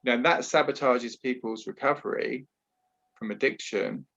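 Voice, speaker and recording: A man's voice: mid-range voice, moderate pace, a bit bright, lo-fi sound. A man working as a trauma therapist and talking earnestly in a podcast interview over a video call, explaining at length with frequent restarts. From Britain.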